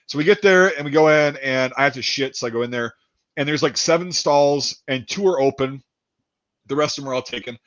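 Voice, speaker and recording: A man telling a rambling story in a casual chat, animated, laughing and swearing a lot. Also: mid-range voice, brisk. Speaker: podcast host. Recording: dull dry lo-fi sound.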